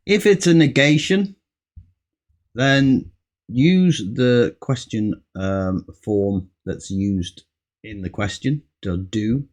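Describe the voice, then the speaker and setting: A man's voice: medium pitch, slow pace, a little mellow. A man teaching an English speaking lesson, patiently modelling example answers and stressing key words. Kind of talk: slow, patient ESL lesson.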